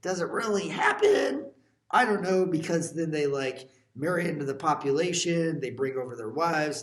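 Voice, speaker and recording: Jokey high school teacher man. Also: lively intonation, normal speed. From Iowa. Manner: jokey, folksy asides to students. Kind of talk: recorded lecture over slides.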